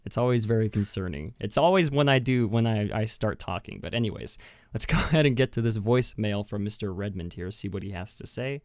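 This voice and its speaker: A man's voice: fairly low pitch, expressive, brisk, darkish tone, no room sound, studio quality. A man hosting a podcast in a casual, chatty, self-mocking way, often giggling at his own jokes. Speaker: podcast host. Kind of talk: casual chat. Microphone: webcam with mic.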